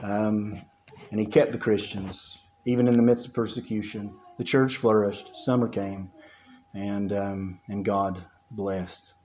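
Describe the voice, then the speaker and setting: A man preaching a sermon as pastor, earnest and emphatic, often restarting his phrases and reading scripture aloud in a lowered voice. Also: fairly even intonation, a little slow, darkish tone, slight background noise.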